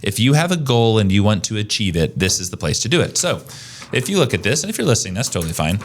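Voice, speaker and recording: Low-voiced energetic podcast host, man. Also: quick pace, soft background music. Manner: energetic, conversational, rambling with restarts. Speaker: podcast host, agency owner. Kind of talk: casual podcast chat.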